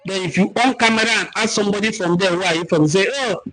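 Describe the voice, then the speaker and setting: A Nigerian man hosting a cultural livestream, teaching in an animated, emphatic way and reading out viewer comments. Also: high voice, quick pace, low-quality recording. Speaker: cultural talk host.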